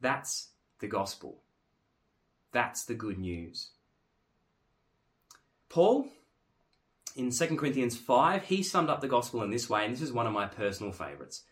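A man preaching a sermon in an earnest, emphatic way, dropping to hushed tones and then rising to forceful stress. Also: medium pitch, very animated, unhurried, long pauses.

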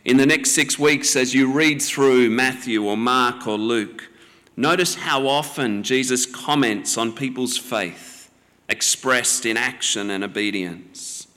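Slow, measured male preacher in reverb. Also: mid-range voice. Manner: measured, gently teaching. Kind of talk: sermon.

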